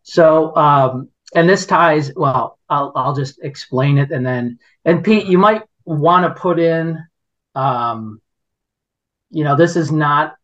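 A man's voice: fairly high pitch, slow pace, a bit bright. A middle-aged man telling a story on a podcast in a rambling, indignant way, with many restarts. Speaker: podcast guest. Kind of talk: casual conversational storytelling. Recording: dull lo-fi podcast audio.

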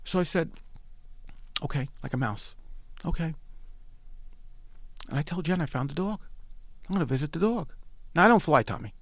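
Man, New York accent, middle-aged, gravelly, emphatic storyteller, dry close mic. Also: on the high side, expressive, fast, no room sound. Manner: emphatic, repeats himself, quotes dialogue. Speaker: podcast guest. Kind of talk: animated storytelling.

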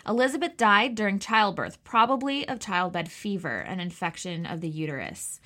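Bright-voiced woman narrating history. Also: medium pitch, expressive, moderate pace. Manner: chatty, asides and fillers while narrating. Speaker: podcast co-host. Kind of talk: scripted history narration with chat.

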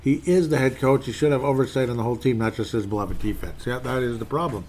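A man's voice: mid-range voice, fast talker, darkish tone, slight background noise. A man ranting in a casual, rambling way about his team's game, reading posts aloud and sounding fed up. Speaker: sports fan commentator. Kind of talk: casual solo sports rant.

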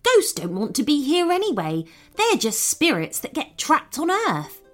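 A woman's voice: high voice, wildly swooping pitch, voice pushed up, heavily acted. A woman voicing a bossy, smug male mouse with magic powers, snapping orders in a storybook reading, over faint background music. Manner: snappish, brisk, commanding.

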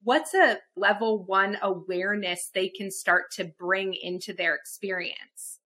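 A woman's voice: medium pitch, measured pace, bright, forceful tone. A woman hosting a podcast, asking attentive, thoughtful questions. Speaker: podcast host. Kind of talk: interviewing.

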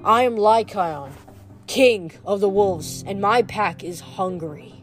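A woman voicing a menacing male werewolf king, speaking with a low, snarling menace in a read-aloud story. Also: takes it slowly, soft background music, close to an everyday voice.

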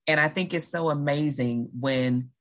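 A woman host with a notably low voice speaks very slowly. She reflects on what her guest said in loose, casual sentences. Her talk is full of fillers like "um" and "like". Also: a bit bright. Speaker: podcast host. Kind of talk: casual interview reaction.

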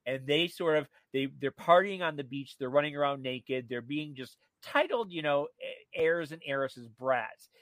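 Guy on a radio show spilling a story, a bit high voice, super dry studio sound, lots of um and uh. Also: normal speed, hardly any pauses, no room sound. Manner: animated storyteller, gossipy, many fillers and restarts. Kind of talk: casual radio chat.

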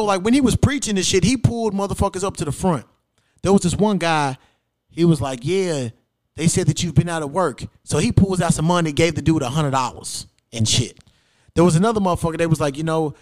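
A young man hosting a podcast, telling a long personal story in casual, profane chat and acting out quotes loudly. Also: a little high. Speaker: podcast host.

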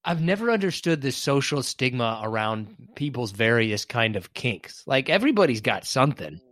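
A man asking interview questions in an easygoing, slightly halting way. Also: medium pitch, very animated, a bit bright, no echo, studio quality.

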